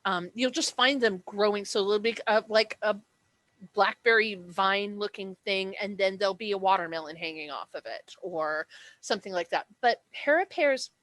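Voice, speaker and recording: A woman's voice: medium pitch, moderate pace, fairly bright tone, no room sound. A woman acting as game master, explaining dice rules and describing the setting in a chatty way, with many fillers and self-corrections.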